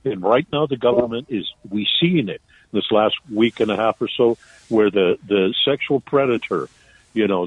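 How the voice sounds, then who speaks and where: A man giving impassioned political commentary on radio, halting and full of fillers. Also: lowish voice, breathy edge, no room sound. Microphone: phone. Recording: tinny dry phone line.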